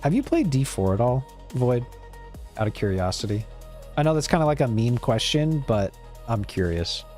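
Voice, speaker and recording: Faint music sits behind a man streaming a game who chats casually with his viewers, swearing every so often and staying relaxed. His mid-range, slightly mellow voice is very animated and moves at normal speed.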